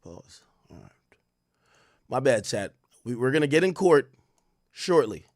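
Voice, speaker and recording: A man's voice: mid-range voice, very animated, unhurried, a little mellow, dry recording, studio quality. A young man hosting a casual livestream, talking loosely and reading out and answering his chat as it comes in. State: worried about losing his voice. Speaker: livestream host.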